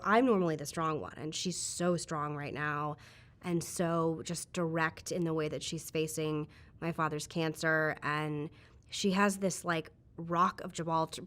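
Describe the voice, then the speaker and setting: Low-voiced woman, chatty. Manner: chatty, frequent "like" fillers, reflective. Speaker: interview guest. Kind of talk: candid conversational interview.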